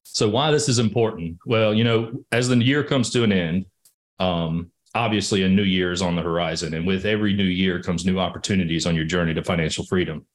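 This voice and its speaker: A man's voice: sits low, a little fast. A man speaking as a panel guest in a casual discussion, with dry, teasing humor.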